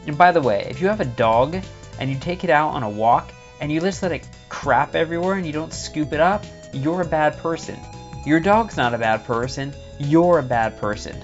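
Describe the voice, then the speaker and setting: A man's voice: on the high side, normal speed. Rambling joking man on a game stream. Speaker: streamer playing a visual novel. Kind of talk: casual live-stream banter. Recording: slightly dull lo-fi stream audio with faint music.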